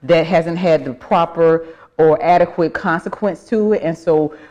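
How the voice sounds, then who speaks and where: A woman's voice: sits low, unhurried, a little mellow, highs cut off. A middle-aged woman with a Southern US accent hosting a casual livestream, chatting and greeting viewers by name. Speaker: livestream host. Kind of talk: casual live-stream chat.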